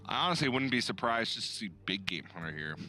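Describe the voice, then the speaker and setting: A man doing color commentary on a card game tournament, animated and quick to laugh. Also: lowish voice, faint music behind. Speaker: esports co-caster.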